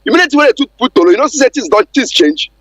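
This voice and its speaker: Nigerian guy phoning in all worked up, highish voice, dry close sound. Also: expressive, rapid-fire, a bit bright, dry recording, lo-fi sound. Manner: irate, insistent. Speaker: caller. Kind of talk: heated phone-in rant.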